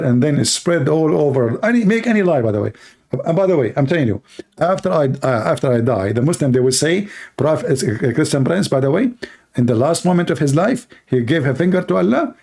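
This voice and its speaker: In broken English, a man hosting a livestream mocks and satirizes in a sarcastic monologue aimed at his viewers. His voice is somewhat high and slightly mellow.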